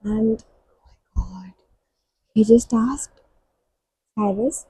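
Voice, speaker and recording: A young woman talking about the book she is reading, with very breathy, husky air around every word. Her voice sits fairly high but sounds soft and mellow, and she speaks slowly, gushing and emotional. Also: steady tone, rough recording. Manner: gushing, emotional reactions while reading aloud. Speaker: book vlogger. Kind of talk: casual reading-vlog commentary.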